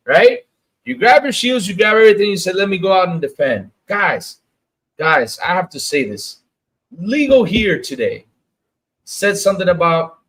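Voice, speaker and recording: A man hosting a casual gaming livestream, talking in an animated, emphatic way and repeating his phrases for effect. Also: sits high, slightly rough. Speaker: gaming show host. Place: lives in the Dominican Republic.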